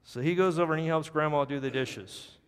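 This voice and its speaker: A man's voice: on the high side, a little fast, clear, resonant tone. A male pastor telling a story in his sermon and leading an altar call in a church. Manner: storytelling, earnest, drops soft at invitation. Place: church sanctuary. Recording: long church reverb, faint music.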